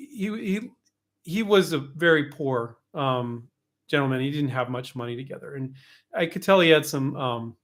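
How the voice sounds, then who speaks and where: Candid, animated man giving advice. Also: on the high side. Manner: candid, animated, with frequent restarts and mild cursing. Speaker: host, invention licensing coach. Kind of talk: casual advice talk.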